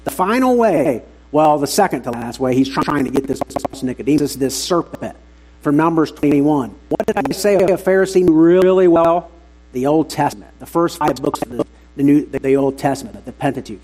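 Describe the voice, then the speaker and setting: A man's voice: a little high, lively intonation, brisk, darkish tone, a little hiss or hum, rough recording. A man preaching an earnest, emphatic sermon to his congregation at a church service.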